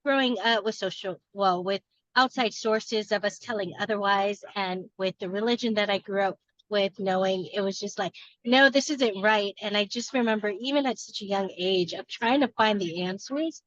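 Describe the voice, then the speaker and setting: A woman's voice: medium pitch, normal speed, fairly bright tone, no room sound, lo-fi sound. A woman in a book club earnestly sharing her personal reflections, rambling a little with restarts.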